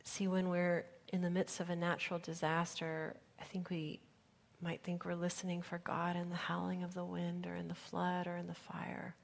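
A woman pastor giving an earnest sermon, often dropping her voice to a soft near-whisper for emphasis. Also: fairly low pitch, monotone, moderate pace, creaky.

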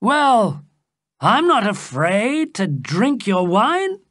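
A woman voicing a carefree young king who is loud and fond of wine, in hearty, jovial exclamations. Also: fairly low pitch, big pitch swings, slow pace, no room sound, clean studio sound, heavily acted. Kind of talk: storybook character voice.

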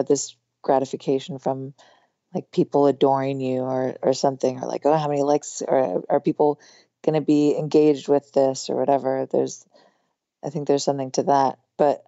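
Hoarse, low-voiced woman chatting loosely. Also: mellow, dry recording, highs cut off. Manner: rambling, lots of "like" and "you know". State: hoarse, losing her voice. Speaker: podcast guest, musician. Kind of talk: casual interview chat.

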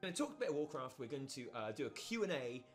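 Jokey man, lively pitch. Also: racing, soft background music. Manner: jokey, teasing, animated storytelling. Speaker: co-host. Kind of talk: casual chat.

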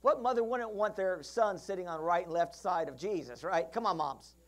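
Pastor preaching with animated storytelling. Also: medium pitch, normal speed. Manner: storytelling, acting out Bible characters; calls out to the congregation for responses. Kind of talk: sermon.

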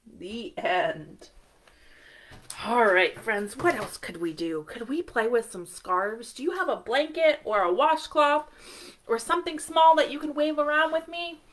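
A woman's voice: a little high, a little slow, a bit bright. A woman leading a children's library storytime, singing short rhymes and coaxing young kids to join in. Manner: cheerful sing-song, coaxing young children.

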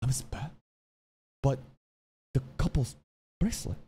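A man streaming a casual anime reaction, animated and swearing freely, dropping into low asides between excited outbursts. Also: a little slow, slightly rough.

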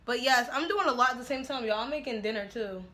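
A quick-paced woman with a slightly high, bright, forceful voice does her makeup and makes dinner at home on camera. Her casual get-ready-with-me vlog is brash and profane, with frequent laughter.

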